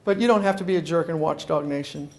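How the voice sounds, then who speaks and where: High-voiced New man telling stories. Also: quick pace. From New York. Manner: animated storyteller acting out phone calls. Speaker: guest speaker. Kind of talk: humorous keynote talk. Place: conference room before an audience.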